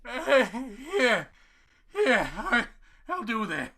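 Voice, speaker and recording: A young woman plays a giddy teenage boy mouse in a stage comedy, high and squeaky, leaping all over the scale. He drawls his lines out slowly and runs short of breath. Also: very animated, bright, forceful tone, exaggerated voice. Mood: winded. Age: young adult.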